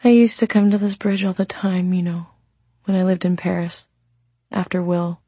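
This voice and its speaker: A woman reading an audiobook voices a gentle, kind male immortal in a soft, measured and tender way. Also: fairly low pitch, fairly even intonation, slightly rough, dry recording.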